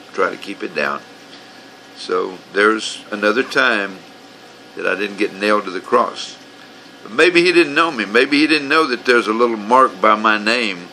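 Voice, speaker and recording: A man's voice: fairly low pitch, creaky, sharp tone, a little hiss or hum, low-quality recording. A man telling his grievances in a rambling, profane, aggrieved way, as casual storytelling. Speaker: vlogger telling his own complaints.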